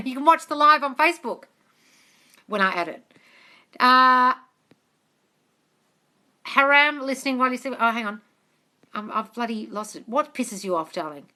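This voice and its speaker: Bright-voiced Australian woman coaching live. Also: a little high, a little slow, long pauses. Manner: chatty, swears casually, calls listeners darling. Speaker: manifestation coach. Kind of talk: live-stream Q&A chat.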